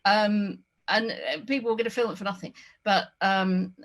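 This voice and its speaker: A woman's voice: medium pitch, fairly even intonation, normal speed, poor audio. A woman with a Northern English accent hosting a casual video-call chat, talking in an enthusiastic, rambling way with lots of ums. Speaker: host.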